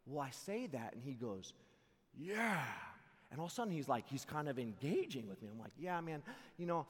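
Excitable man telling a story in a hall. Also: mid-range voice, quick pace, slightly rough. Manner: excitable, animated, laughs at his own story. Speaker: camp speaker. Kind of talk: storytelling sermon to a youth camp. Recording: long hall reverb.

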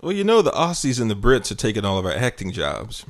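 A man co-hosting a casual podcast, chiming in with quick joking asides. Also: on the low side, huge pitch swings. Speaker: podcast co-host. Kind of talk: casual chat.

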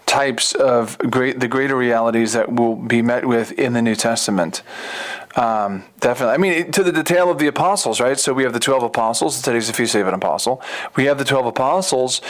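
A religious brother speaking as a guest in a relaxed chat. He talks in a halting way, restarting phrases as he reaches for the next word, in a mid-pitched man's voice. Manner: halting, repeats words while searching for them. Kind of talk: casual chat.

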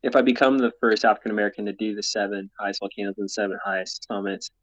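A man's voice: lowish voice, fairly even intonation, fast, no echo, lo-fi sound. A man being interviewed as a mountaineer and explorer, speaking candidly in an earnest, rambling way and laughing often. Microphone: podcast mic, camera off.

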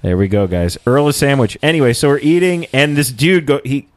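A man's voice: medium pitch, a little fast, no echo. A man co-hosting a casual podcast, telling a story in a rambling way, swearing often and laughing as he goes.

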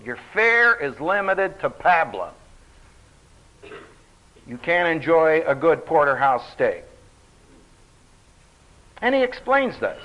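A man's voice: fairly high pitch, a little slow, pauses often. A man teaching a Bible study, speaking emphatically with a dry humor, on a dull lo-fi recording. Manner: emphatic, animated, dryly humorous.

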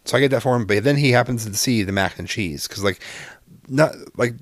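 A man's voice: mid-range voice, a little fast, dry recording. A man in his thirties telling a story in casual chat, exasperated and profane, rambling with lots of fillers.

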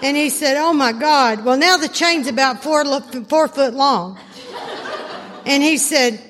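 Woman workshop speaker, high voice, animated laughing storyteller, reverberant hall. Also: normal speed. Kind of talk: storytelling talk to a live audience. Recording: hall reverb, faint noise.

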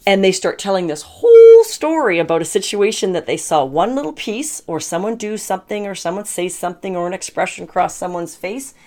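A woman's voice: mid-range voice, big pitch swings, brisk, few pauses, dark tone. A middle-aged woman giving a casual motivational talk to camera, candid and chatty, laughing often as she goes. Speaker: self-help vlogger.

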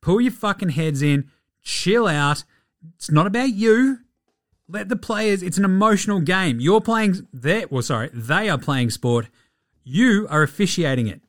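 Brash Australian man ranting, fairly high voice. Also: animated, unhurried. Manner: profane, blunt ranting. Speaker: podcast host. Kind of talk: casual sports talk.

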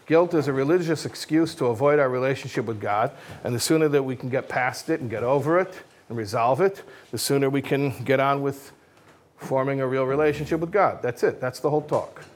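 A man giving a religious talk with jokes, speaking in a casual, self-mocking and energetic way. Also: mid-range voice, a little fast.

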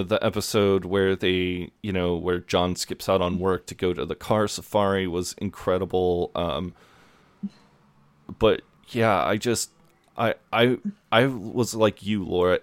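A man's voice: deep voice, steady tone, unhurried, dry recording. A man co-hosting a podcast, chatting casually, swearing freely and often restarting his sentences. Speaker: podcast co-host. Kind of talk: casual chat.

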